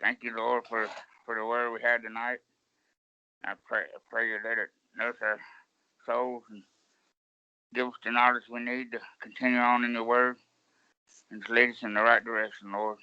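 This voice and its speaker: Louisiana guy praying on a call, sharp bright smooth voice, dull lo-fi sound, humble and simple. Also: mid-range voice, little pitch movement, normal speed, pauses often. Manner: plain, humble, repeats phrases. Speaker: group member leading prayer. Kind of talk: spoken prayer. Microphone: video call. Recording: dull video-call audio.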